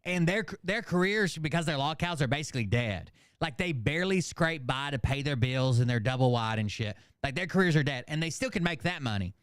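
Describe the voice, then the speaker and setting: A man talks through online drama in a loose, rambling, sarcastic way, swearing freely. His voice sits a bit high for a man and comes through smooth and resonant. The mic is close and dry. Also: animated, a little fast, few pauses, dry recording. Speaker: commentary channel host. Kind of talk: casual reaction commentary.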